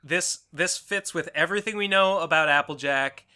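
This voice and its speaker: A man co-hosting a podcast in casual chat about a cartoon episode, excitable and quick to argue. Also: on the high side, clean tone. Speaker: podcast co-host.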